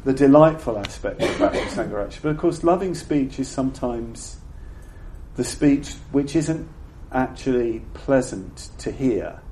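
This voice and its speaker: Older male Buddhist teacher, mid-pitched, halting and repetitive delivery, roomy echoey hall. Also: lively intonation, dark tone. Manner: halting and thoughtful, often repeating words as he searches for phrasing. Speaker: Buddhist teacher giving a talk. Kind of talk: reflective dharma talk to an audience. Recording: roomy echo with faint background noise.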